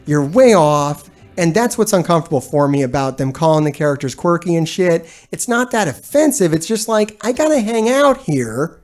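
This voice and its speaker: Pitched on the high side, this animated male voice moves a little fast and rarely pauses. As a gaming streamer and video host, he casually rants at his live chat, blunt, swearing and exasperated, rambling through restarts and laughing often.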